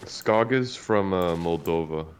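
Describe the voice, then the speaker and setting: A man with a very deep voice chimes in with short, dry, teasing remarks as a friend watches someone play. A faint noise sits under his voice. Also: a little slow. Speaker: friend chatting along on the stream. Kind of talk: casual chat.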